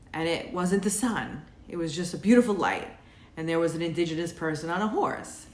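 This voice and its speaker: Low-voiced woman narrating her journal. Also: fairly bright tone, roomy sound. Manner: earnest, wondering, reflective. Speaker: vlogger recounting a journal.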